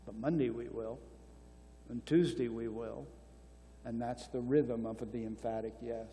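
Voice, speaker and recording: An older man speaking at a marriage conference takes questions in a church hall whose long reverb colors the recording, along with a little hiss or hum. His mid-range, mellow voice holds a steady tone at a slightly slow pace. He is earnest and exhortative, returning to key phrases.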